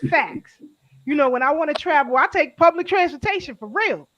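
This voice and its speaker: A woman's voice: high voice, expressive, fairly quick, fairly bright tone, no echo, muffled recording. A woman co-hosting a talk show, speaking emphatically and repeating herself for emphasis. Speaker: co-host. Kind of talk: casual chat.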